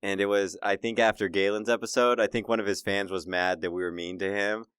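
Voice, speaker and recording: A man's voice: lowish voice, level tone, a little fast, fairly bright tone, clean tone, no echo, clean studio sound. A man co-hosting a casual podcast, easygoing and chatty. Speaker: podcast co-host.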